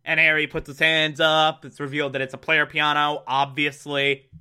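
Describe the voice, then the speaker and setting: High, bright-voiced man recapping a show. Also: moderate pace, clear, resonant tone. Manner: animated, exasperated, laughing asides. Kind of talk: casual episode recap.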